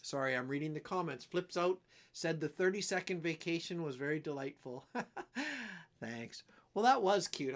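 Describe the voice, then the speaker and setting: A man from Canada hosting a casual livestream, rambling and joking about himself as he jumps between topics and reads comments. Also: a little high. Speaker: livestream host and musician. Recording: guitar music behind. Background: guitar music.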